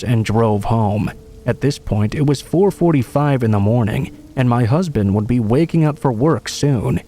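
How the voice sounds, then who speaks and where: Mellow-voiced man narrating. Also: medium pitch. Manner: calm, measured storytelling read. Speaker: horror story narrator. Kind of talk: scripted narration.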